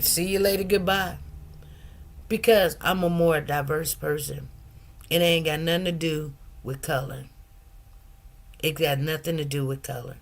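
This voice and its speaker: Slow, rambling middle-aged woman storyteller. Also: sits low. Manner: rambling, repeats herself, many asides. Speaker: commentary channel host. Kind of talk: casual storytelling monologue.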